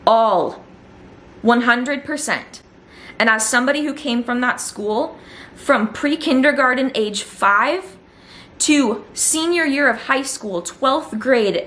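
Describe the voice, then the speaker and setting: A woman in her twenties talks straight to her camera in a personal vlog, her voice sitting at an ordinary middle pitch. She is indignant and emphatic, driving each point home by repeating phrases. A faint hum of noise sits under the recording. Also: a bit bright. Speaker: former student, vlogger. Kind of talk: direct-to-camera vlog monologue.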